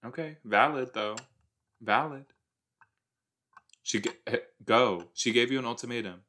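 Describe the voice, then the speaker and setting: A man giving chatty, excitable reaction commentary as he watches a TV episode, gasping and exclaiming along. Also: mid-range voice, measured pace. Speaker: reaction video host.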